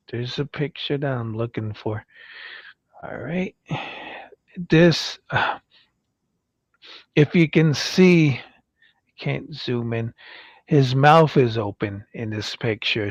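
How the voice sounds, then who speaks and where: A man's voice: medium pitch, no room sound, dull audio. A man hosting a casual toy-review livestream, rambling with fillers and restarts as he reads product copy aloud. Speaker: livestream host.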